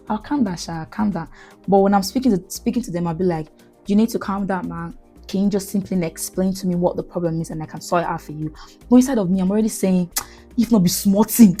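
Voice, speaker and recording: Nigerian woman telling lively stories. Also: on the low side. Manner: animated, laughing, slips into pidgin. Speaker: podcast host. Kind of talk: casual storytelling monologue.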